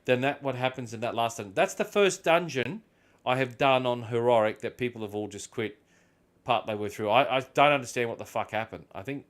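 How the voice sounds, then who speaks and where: An Australian man talks over his gameplay at an ordinary pitch, in a loose, meandering way. He swears often and tells animated stories. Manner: rambling, swears freely, tells animated anecdotes. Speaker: gaming video host. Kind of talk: casual chat while gaming.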